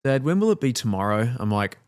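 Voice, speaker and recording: A man's voice: medium pitch, very animated, a little fast, a little mellow, smooth. An Australian man in his thirties, a father telling laid-back stories about his kids in casual podcast chat, playfully mimicking them.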